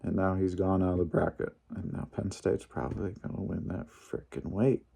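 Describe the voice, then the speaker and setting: A young man recapping a wrestling tournament in a casual vlog, animated and opinionated, with some mild swearing. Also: low voice, moderate pace, creaky. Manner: animated, opinionated, mildly profane. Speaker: wrestling fan commentator.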